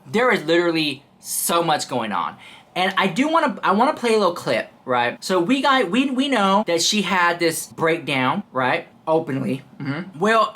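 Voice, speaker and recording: Bright, lively gossip commentary voice. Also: medium pitch. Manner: chatty, keeps addressing viewers as "girl". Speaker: drama commentary host.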